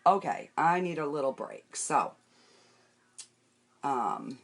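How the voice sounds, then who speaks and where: A woman's voice: low-pitched, expressive, slow pace. An older woman chatting casually on a makeup live stream, rambling through her day and greeting viewers by name. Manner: talks while wiping her face and doing makeup. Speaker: makeup vlogger.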